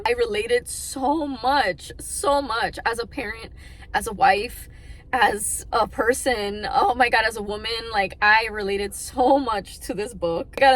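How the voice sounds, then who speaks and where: A young adult woman with a slightly high, somewhat bright voice chats casually about books on her vlog. She gushes emotionally and uses lots of filler words.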